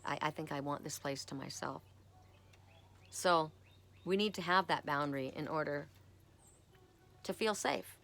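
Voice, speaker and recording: A woman's voice: fairly low pitch, fairly bright tone. A middle-aged woman giving a casual, chatty spiritual talk as an oracle card reader, telling stories and often repeating words. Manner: chatty, storytelling, repeats words when worked up.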